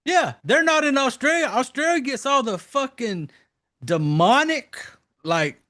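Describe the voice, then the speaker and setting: High, lively man joking on a podcast. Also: measured pace. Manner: animated, acts out quotes, affirms with "yeah". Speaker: podcast co-host. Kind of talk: casual profane banter.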